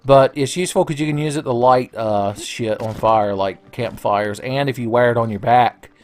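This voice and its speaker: A man's voice: mid-range voice, normal speed, darkish tone. A young man giving casual, joking gameplay commentary, rambling and swearing, with faint game music behind. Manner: joking, profane, rambling, with silly voices. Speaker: let's play commentator.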